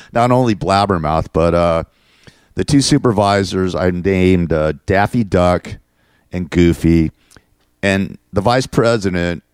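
A man's voice: low-pitched, darkish tone, smooth, no room sound, studio quality. A man hosting his own show, ranting in a crude, sarcastic and mocking way. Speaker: show host. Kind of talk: ranting monologue.

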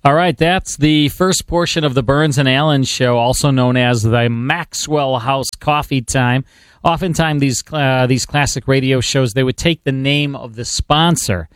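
A man's voice: medium pitch, measured pace, smooth, no echo. A man hosting a show, chatting casually between clips with easy fillers. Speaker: host. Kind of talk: casual commentary.

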